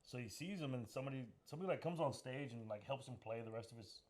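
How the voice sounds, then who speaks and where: A man, a comedian guest on a podcast, telling a story in a relaxed, hesitant way with lots of fillers. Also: mid-range voice, fast talker. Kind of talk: casual storytelling chat.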